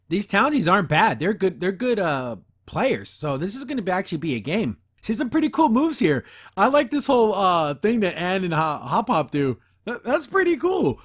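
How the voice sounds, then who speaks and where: A man's voice: sits high, sing-song, brisk, a bit bright. A man hosting a podcast, giving a casual, rambling episode review full of enthusiasm and frequent laughs. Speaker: podcast host.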